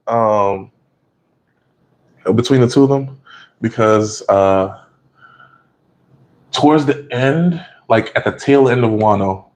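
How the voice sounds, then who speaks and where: A man giving a casual, profane, animated recap of an anime episode, often laughing and acting out the scenes. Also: mid-range voice, slow, pauses often, rough recording.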